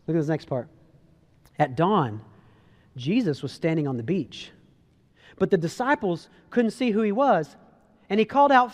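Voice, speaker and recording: A man preaching a casual, animated sermon, telling a story and acting out the voices. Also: high voice, moderate pace, long pauses, big-room sound. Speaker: pastor.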